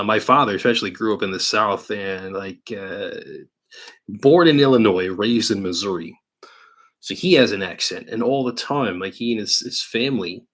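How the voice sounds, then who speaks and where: A man's voice: on the low side, fairly bright tone. A man from New York hosting a live card-break stream, chatting casually and thinking aloud while he opens packs. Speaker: livestream card-break host. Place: indoor card-break studio.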